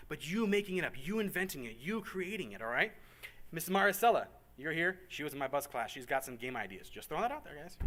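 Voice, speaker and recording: A man's voice: high-pitched, sharp tone. A man organizing a church program, giving a casual, joking planning briefing to a room of volunteers. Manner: upbeat and joking, with fast asides and repeats. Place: meeting room with a group present.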